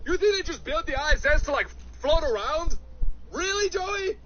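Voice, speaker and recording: A man voicing a frantic, conspiracy-minded billionaire with a put-on South African accent, scolding and shouting. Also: sits high, normal speed. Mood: ranting. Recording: muffled, noisy recording.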